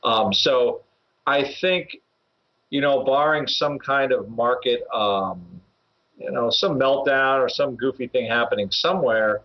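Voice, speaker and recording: A man who trades options and regularly co-hosts a podcast explains trades in casual market talk, rambling with plenty of fillers and little chuckles. His voice is mid-range and unhurried. The podcast audio is slightly muffled.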